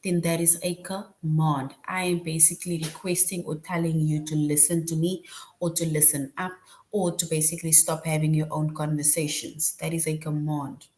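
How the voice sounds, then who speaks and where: A woman's voice: deep voice, flat delivery, moderate pace, dark tone. A woman teaching an online class, explaining step by step with examples and often checking in with "right?". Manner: patient, repeats "right?" to check understanding.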